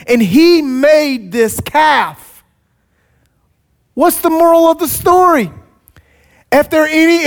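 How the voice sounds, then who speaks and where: A man preaching a sermon as pastor, conversational and joking, with asides to the congregation. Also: extremely high pitch.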